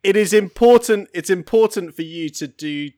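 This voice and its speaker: A man's voice: high-pitched, normal speed, mellow, dry recording. A man co-hosting a podcast in casual chat, teasing with dry humor. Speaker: podcast co-host.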